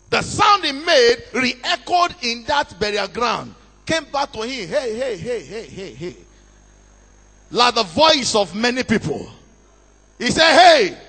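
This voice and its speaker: A man's voice: high-pitched, sharp tone. A man preaching a sermon, telling a story dramatically and calling out to the congregation for responses. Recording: long reverb of a large hall.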